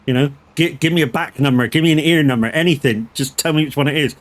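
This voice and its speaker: A man's voice: a little high, quick pace. Swearing man streaming a game. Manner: rambling, swears freely, anecdotal. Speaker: gaming streamer. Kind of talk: casual chat while playing a farming game.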